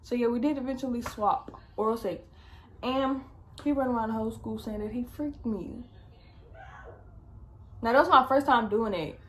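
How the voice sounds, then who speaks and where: A woman's voice: fairly high pitch, moderate pace, long pauses, a bit bright, a little hiss or hum. A young woman vlogger telling a storytime, chatty and slangy, swearing often. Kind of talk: casual storytime.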